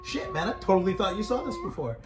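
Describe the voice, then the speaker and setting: A man's voice: high-pitched, very animated, quick pace, over loud music. Laid-back young man in a echoey room. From Canada. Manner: laughing, swearing, rambling. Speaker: podcast co-host. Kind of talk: casual chat.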